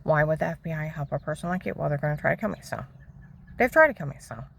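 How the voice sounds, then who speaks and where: Low-voiced woman telling a rambling story. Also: steady tone, very fast, gravelly, a little hiss or hum, poor audio. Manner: agitated, jumps between events, drops into whispers. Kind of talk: rambling personal account.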